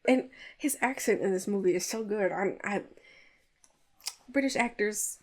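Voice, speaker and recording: A woman hosting a podcast, casually recapping a movie in a chatty, animated way with playful jabs. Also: mid-range voice, a little slow. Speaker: podcast host reviewing a film. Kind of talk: casual chat.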